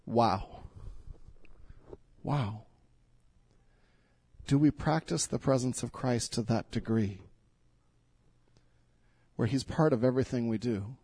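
A man's voice: medium pitch, takes it slowly, long pauses, warm tone, breathy edge, dry recording. A middle-aged male pastor giving an earnest, pleading sermon in church, often repeating words as he speaks.

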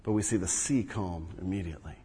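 A man preaching a sermon as pastor, moving between loud emphatic bursts and hushed low asides. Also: fast talker, husky. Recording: long reverb of a large hall.

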